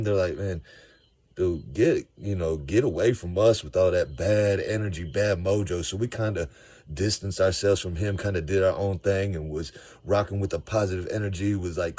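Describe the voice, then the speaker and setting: A man from Georgia, giving a casual, animated fan recap of a football game. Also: deep voice, normal speed, no echo. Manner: animated, slangy, storytelling. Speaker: sports fan vlogger.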